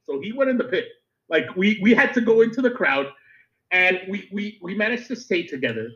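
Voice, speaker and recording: Animated high-voiced man telling stories. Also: brisk. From Miami. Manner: animated storyteller, laughs easily. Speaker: podcast co-host. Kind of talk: casual chat, storytelling. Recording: dull lo-fi recording.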